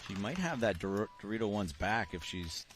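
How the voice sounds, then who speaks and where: Middle-aged boston guy, real low voice, breaking down plays live. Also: very animated, normal speed, noisy background. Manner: analytical, explains tactics. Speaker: commentator. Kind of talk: live sports commentary.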